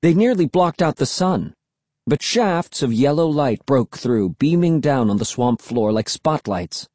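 Husky, expressive man reading a story. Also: medium pitch, measured pace, no echo. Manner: expressive, first-person storytelling. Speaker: audiobook reader. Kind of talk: storybook narration.

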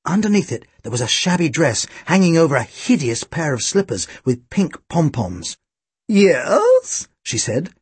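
Husky man narrating a lively audiobook. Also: fairly high pitch, brisk, few pauses, no echo. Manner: lively, wry delivery with deadpan asides. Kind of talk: first-person storytelling narration.

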